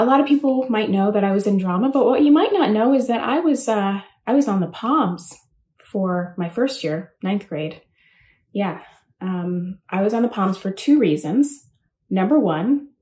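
A woman with a warm, mid-range voice delivers a commencement speech that is casual and rambling, self-deprecating and packed with fillers. It was recorded at home for a virtual address.

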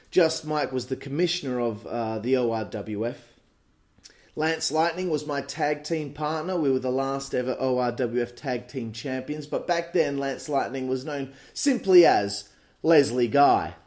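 Crude storytelling Australian man, late 20s. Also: fairly high pitch. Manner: animated, crude, swears freely. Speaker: podcast host. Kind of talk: casual storytelling monologue.

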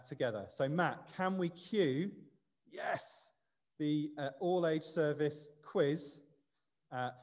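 A man's voice: on the high side, darkish tone. A man leading a light-hearted quiz in a church service, chatty and self-deprecating. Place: church building. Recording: long reverb of a church hall.

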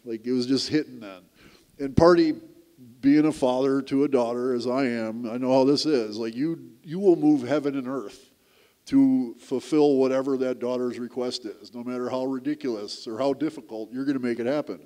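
A man's voice: medium pitch, fairly even intonation, moderate pace, dark tone. Middle-aged man at a theater event, candid self-mocking storyteller with a mid-range voice and frequent restarts. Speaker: speaker at a community event. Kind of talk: personal storytelling to a live audience. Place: theater stage.

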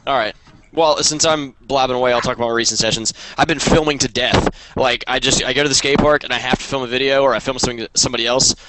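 A man's voice: mid-range voice, fairly even intonation, fast, noisy background. A man hosting a casual skateboarding podcast over a video call, rambling and talking over the others. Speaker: podcast host.

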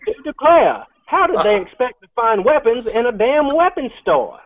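A man's voice: very high-pitched, big pitch swings, normal speed, pitched above the performer's own voice. A man doing a drawling mock news anchor. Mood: mock-solemn. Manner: over-serious headline reading, stifling laughs. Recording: phone-like video call line, faint noise.

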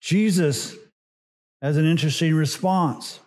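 A middle-aged man, a pastor, preaching a sermon in a relaxed teaching way with frequent "uh"s and side remarks. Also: a little high, a little slow. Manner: conversational teaching with asides and filler "uh"s.

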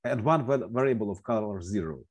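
A man in the audience asking questions at a seminar, halting and apologetic, with many fillers. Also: on the low side, lively intonation, darkish tone, breathy edge.

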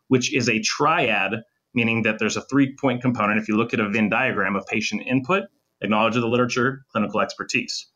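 Fast-talking man explaining technically. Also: fairly low pitch, fairly bright tone. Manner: fast, technical, lecturing with clinical terms. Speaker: sports medicine doctor, guest. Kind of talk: podcast interview, explaining in depth.

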